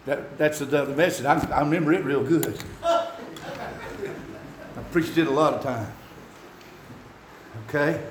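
A man preaching a rambling, folksy sermon that climbs into shouts. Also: a little high, measured pace, pauses often, noisy background. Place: church. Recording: echoey hall from far off.

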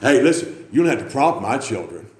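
A man preaching a revival sermon, moving from quiet storytelling to shouted, high-pitched fervor. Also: very animated, brisk. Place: church. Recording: echoey church room.

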